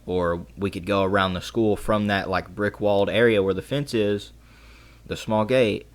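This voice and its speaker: A man's voice: lowish voice, moderate pace. Rambling young guy telling a story. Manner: rambling, heavy use of "like" and "bro", excited retelling. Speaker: storytime vlogger. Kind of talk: casual storytelling.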